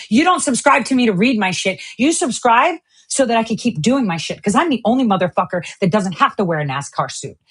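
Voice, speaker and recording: A woman's voice: on the high side, a bit bright, husky. A woman hosting a political commentary show, ranting in a heated, profane, sarcastic way. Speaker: host.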